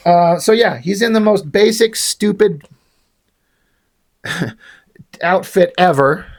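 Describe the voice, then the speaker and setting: A man's voice: sits high, slow. A man casually reviewing a comic book and sketching on it as he talks, sarcastic, rambling and profane. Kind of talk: casual video review, drawing while talking.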